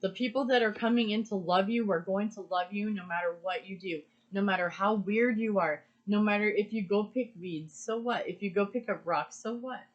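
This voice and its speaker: A woman's voice: medium pitch, moderate pace, few pauses, highs cut off. A woman giving an earnest, emphatic pick-a-card reading, repeating phrases for stress. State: emotional. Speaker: tarot card reader.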